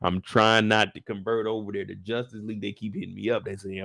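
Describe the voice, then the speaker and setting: A man hosting a casual, joking recap of a TV episode, animated and profane. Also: fairly low pitch, fairly quick, gravelly, no echo, clean studio sound. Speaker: YouTube show recap host. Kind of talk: casual comedic commentary.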